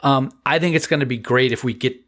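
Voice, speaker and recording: A man's voice: medium pitch, quick pace, a bit bright. Joking, rambling male podcast co-host. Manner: joking, rambling with frequent restarts. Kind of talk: casual podcast chat.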